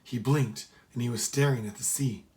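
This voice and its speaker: A man reading a children's adventure story aloud. He narrates steadily and with expression. His voice sits at an average pitch. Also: steady tone, normal speed, mellow.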